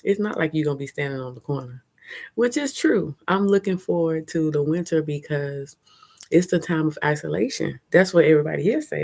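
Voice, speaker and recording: A chatty woman talks candidly to her live-stream viewers. Her voice sits low for a woman, and she laughs often as she goes. She is recorded outdoors on a phone held at arm's length. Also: animated, brisk, vocal fry, darkish tone. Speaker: vlogger hosting a live stream. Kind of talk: casual live-stream chat. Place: outdoors at a fair.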